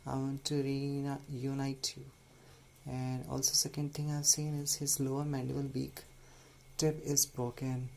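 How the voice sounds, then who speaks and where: Soothing man, slow and gentle. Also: medium pitch, monotone, gravelly. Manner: soothing, cooing gently to an injured bird. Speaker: bird rescuer. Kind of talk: casual vlog narration. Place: at home, indoors. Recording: noisy home recording.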